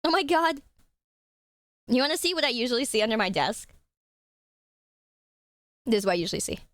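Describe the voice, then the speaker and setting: A woman's voice: on the high side, big pitch swings, a little fast, fairly bright tone, no room sound, studio quality. A woman streaming live, chatting casually and giggling often, with a casual habit of swearing.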